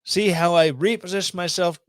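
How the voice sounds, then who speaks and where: A man's voice: sits high, fairly even intonation, moderate pace, dry recording. A man hosting a podcast, commenting on the news in a rambling, self-deprecating way with sarcastic asides, into a studio microphone. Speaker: podcast host.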